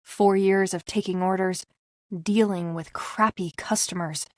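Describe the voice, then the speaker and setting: A woman narrating a young adult mystery audiobook in a measured, expressive storytelling voice. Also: mid-range voice, dry recording, clean studio sound. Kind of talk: scripted narration.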